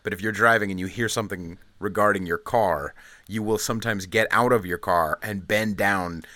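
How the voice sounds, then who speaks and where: A man hosting a casual chat with a friend, laid back and quick with short agreements. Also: on the low side, bright, forceful tone, dry recording. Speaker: podcast host.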